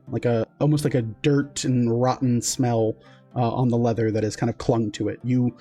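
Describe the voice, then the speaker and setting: A man's voice: mid-range voice, mellow. A man narrating as game master of a tabletop game, casual with lots of fillers and restarts.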